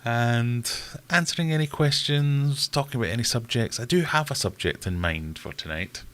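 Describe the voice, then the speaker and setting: A man's voice: medium pitch, animated, moderate pace, a bit bright. A man hosting a casual live stream, chatting and greeting viewers in a self-deprecating way.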